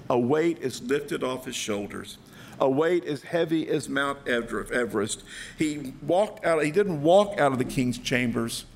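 Gravelly man telling a dramatic parable. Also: mid-range voice, a little hiss or hum. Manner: dramatic, vivid storytelling. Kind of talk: storytelling sermon.

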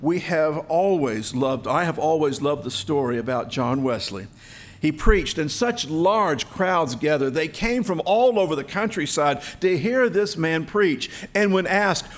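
Middle-aged male pastor, fairly high voice, emphatic storytelling sermon delivery. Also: unhurried. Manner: storytelling preacher, emphatic rhetorical questions.

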